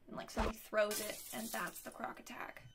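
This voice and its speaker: A woman reacting in a casual vlog, expressive and giggly, squealing at what she sees, talking in her studio. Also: on the high side, a little fast, background noise. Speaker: YouTuber.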